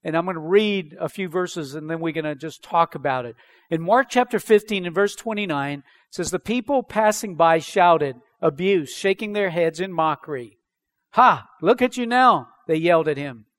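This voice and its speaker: A man's voice: a little high, moderate pace. A man preaching a sermon as pastor, reading scripture aloud and then explaining it with emphatic questions.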